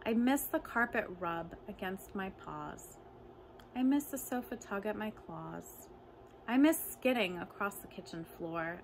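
A woman reciting comic poems in a deadpan, measured way. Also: medium pitch, slight background noise. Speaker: poetry reader.

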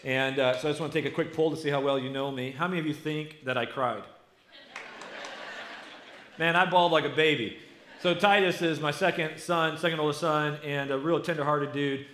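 A middle-aged American man, lead pastor of his church, preaching a conversational, animated sermon. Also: on the high side, a little fast. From United States. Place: church sanctuary. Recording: echoey church hall.

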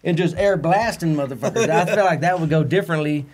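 A man's voice: on the high side, quick pace, darkish tone. A man, a comedian guest telling rambling, laughing stories in casual podcast chat. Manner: rambling, laughing, slangy storytelling.

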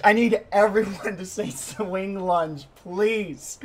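A young man livestreaming a hard climbing game, talking to his chat in a panicky, pleading way, often repeating himself and sometimes shouting. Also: high-pitched, slow pace, hardly any pauses. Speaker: livestreaming gamer. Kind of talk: live gameplay commentary.

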